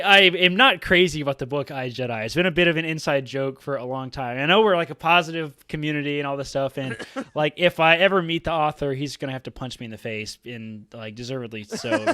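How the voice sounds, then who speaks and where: A man from Georgia co-hosts a podcast in a loose, rambling way, laughing often. His voice is bright and forceful, and the sound is dry and close. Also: mid-range voice, no echo. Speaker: podcast co-host. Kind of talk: casual podcast chat.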